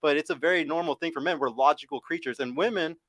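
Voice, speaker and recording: A man's voice: on the high side, quick pace, a bit bright. A man in his thirties hosting a dating podcast panel, talking in a blunt, stern and argumentative way. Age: 30s. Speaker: podcast host. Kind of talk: casual panel chat.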